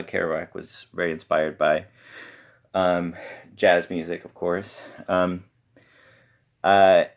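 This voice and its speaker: A man with a very low voice talks through his subject in a loose, rambling way. He hesitates often and fills his pauses with ums. He keeps adding modest, self-deprecating asides. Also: vocal fry. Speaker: podcast host. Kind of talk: casual rambling lecture.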